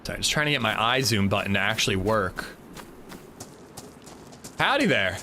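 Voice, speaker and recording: A man's voice: on the low side, animated, moderate pace, sharp tone, a little hiss or hum. A man livestreaming a game, chatting casually and thanking viewers. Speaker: streamer. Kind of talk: casual livestream gaming chat.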